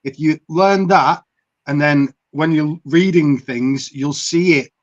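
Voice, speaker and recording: A man's voice: fairly high pitch, takes it slowly, lo-fi sound. A man from England talking as a podcast guest on a video call, eager and knowledgeable. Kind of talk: casual chat.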